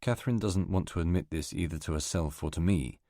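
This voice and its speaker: A man narrating a novel as an audiobook reader, in a measured, even delivery. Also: deep voice, no echo, clean studio sound. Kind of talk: scripted narration.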